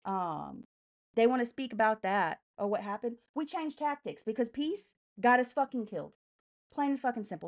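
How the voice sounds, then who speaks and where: A woman's voice: fairly high pitch, lively intonation, a little mellow. Furious swearing woman live streamer. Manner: heavy swearing, fast and heated. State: enraged, agitated. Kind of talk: angry political rant on a live stream.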